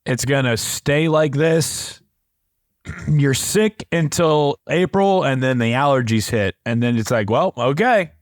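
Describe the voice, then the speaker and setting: A young man co-hosting a podcast over a video call, his voice dry and raspy from being sick, telling jokey stories in a casual chat. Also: medium pitch, takes it slowly, no echo. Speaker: podcast co-host. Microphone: earbuds with a mic on a video call.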